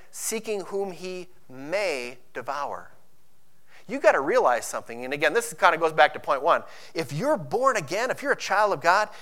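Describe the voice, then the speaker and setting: A man delivering a sermon in a slightly high voice. He drops to a hushed, intimate tone, then climbs into loud, urgent preaching, quoting scripture and acting out the voices in people's heads. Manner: quotes scripture and acts out inner voices. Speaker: pastor.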